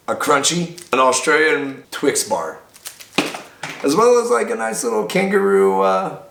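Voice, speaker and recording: A man opening fan mail in a casual vlog, chatty and prone to loud excited outbursts. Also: medium pitch. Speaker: bar owner and vlogger. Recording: echoey room, faint background noise.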